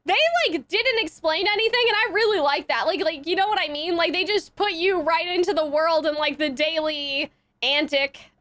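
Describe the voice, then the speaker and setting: High, bright-voiced young woman reacting. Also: moderate pace, no room sound. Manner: chatty, giggly, lots of fillers. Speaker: anime reaction youtuber. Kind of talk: casual reaction commentary.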